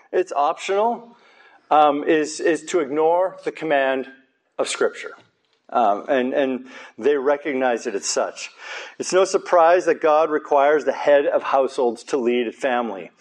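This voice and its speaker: A man preaching a conversational sermon in a church, earnest and informal, with casual asides to his congregation. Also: a little high.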